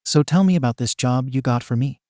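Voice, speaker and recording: A cocky young swordsman with a wry, teasing edge, read by a man. The voice stays mellow and warm, recorded dry and close. It sounds like a storybook reading, not a full performance. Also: mid-range voice, a little fast, dry recording, lightly acted.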